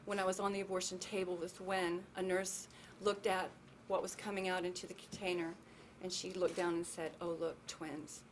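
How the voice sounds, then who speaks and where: Woman, lower-pitched voice, earnest and emotional testimony at a public gathering, faint hiss of room noise behind. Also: level tone. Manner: earnest, emotional, slow when reading. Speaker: testifying speaker. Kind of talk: personal testimony at a public event.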